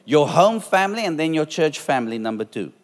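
A middle-aged male pastor preaching to his congregation in a slightly high voice, hammering each point with repetition. His words ring out with a long reverb from the church hall around him. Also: very animated, brisk. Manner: emphatic preaching with repeated phrases and rising force. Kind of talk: sermon.

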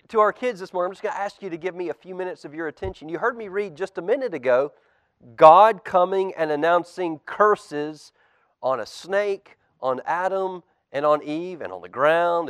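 A man, a pastor, reading a storybook aloud to children in church with expressive, animated storytelling. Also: a little high, moderate pace. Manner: expressive storytelling, lively swings in loudness.

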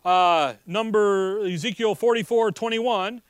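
A man preaching a sermon, reading scripture and explaining it in a folksy, animated way. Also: sits high, unhurried, smooth, no room sound, clean studio sound.

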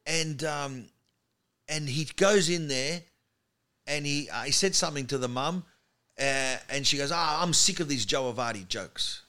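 Aussie guy, comedian, bright punchy voice, animated storytelling on a podcast. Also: a little high, unhurried, clear, resonant tone. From Australia. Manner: animated anecdote teller. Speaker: comedian guest. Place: podcast studio.

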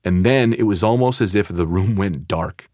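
A man's voice: low-pitched, moderate pace, a little mellow, dry recording, studio quality. A man, a comedian, telling a personal story in a casual, conversational way with loose phrasing.

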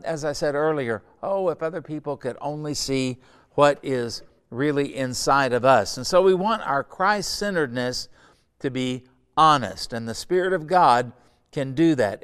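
Male pastor, middle-aged, smooth clear voice, slightly high, earnest conversational Bible teaching. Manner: earnest, conversational preaching with rising emphasis. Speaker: pastor teaching Sunday school. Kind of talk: Bible lesson sermon.

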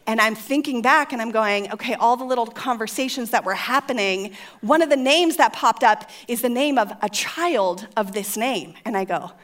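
An older woman telling a comic story, animated, acting out both sides of the dialogue. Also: on the high side, normal speed, few pauses.

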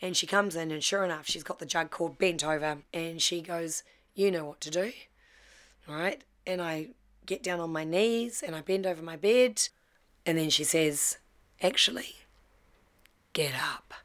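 A woman, telling her life story in a candid, heartfelt way with halting restarts. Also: on the low side, a bit bright. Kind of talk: personal storytelling.

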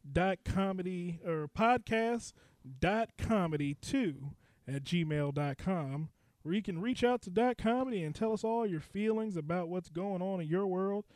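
A young man hosts a comedy podcast from a basement studio, joking loosely and laughing often. His voice sits on the high side for a man, and it is recorded dry and close. He keeps the banter quick and casual. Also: animated, darkish tone, no room sound. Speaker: podcast host and DJ.

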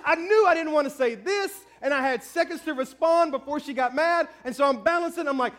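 A high-voiced man in his thirties preaches a sermon as a pastor. He tells stories in an animated, self-mocking way, then slows down for the message. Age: 30s.

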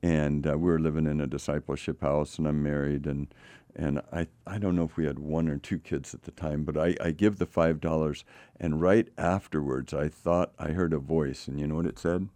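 A man's voice: low-pitched, moderate pace, darkish tone, no echo. An older man hosting, encouraging his guests and telling his own story. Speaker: host. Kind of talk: casual conversation.

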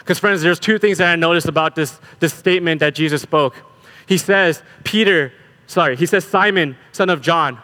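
A man preaching a sermon, animated and building emphasis by repeating words. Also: on the high side, moderate pace, big-room sound.

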